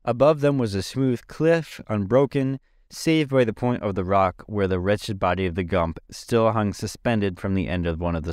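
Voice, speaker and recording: A man's voice: on the low side, a little mellow, no echo, studio quality. A man giving an amateur audiobook reading of a children's story, plain and dotted with 'uh' fillers. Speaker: podcast reader.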